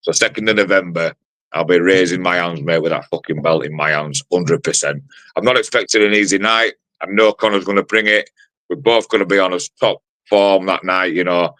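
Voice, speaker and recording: Brash man in his forties, very low voice, dry close sound, swaggering fight talk. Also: a little fast, sharp tone, no room sound. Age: 40s. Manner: brash, sweary trash talk with many fillers. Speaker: bare-knuckle fighter. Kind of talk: fight promo interview.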